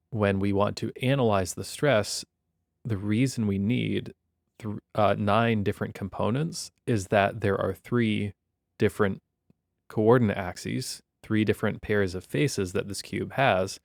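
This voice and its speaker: Male university lecturer, gravelly, relaxed and wry, dry close recording. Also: on the low side, no room sound. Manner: wry, conversational explaining.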